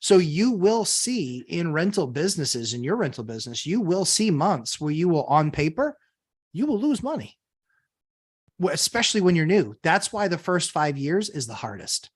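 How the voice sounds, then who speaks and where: Male co-host, slightly high voice, loose anecdotal talker. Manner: chatty anecdote-teller, many fillers and restarts. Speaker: podcast co-host. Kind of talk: casual storytelling chat.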